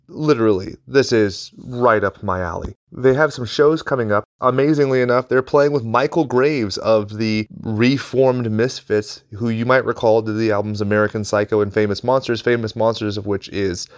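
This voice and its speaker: A man's voice: on the low side, no room sound, studio quality. A nasal-voiced man hosting a podcast, rambling through plugs with crude jokes and self-deprecation. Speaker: podcast host. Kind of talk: casual podcast outro and plugs.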